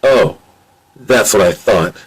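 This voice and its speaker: A man's voice: on the low side, lively intonation, slow pace, breathy edge, exaggerated voice, low-quality recording. Man doing a sneering young woman. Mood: scornful. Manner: sneering, cutting. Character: young woman, sharp-tongued and scornful.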